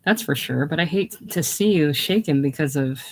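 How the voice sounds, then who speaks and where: A reader doing a calm, needling young man. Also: mid-range voice, normal speed, natural voice. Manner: calm, gently teasing. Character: patient, needling young male friend. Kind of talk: casual play reading.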